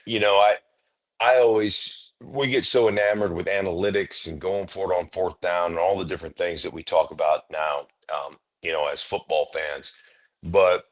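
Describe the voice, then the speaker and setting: Man, middle-aged, very deep voice, emphatic, opinionated, guest on a football show. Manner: emphatic, opinionated storyteller who acts out quotes. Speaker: former NFL player, guest. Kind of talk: casual interview talk.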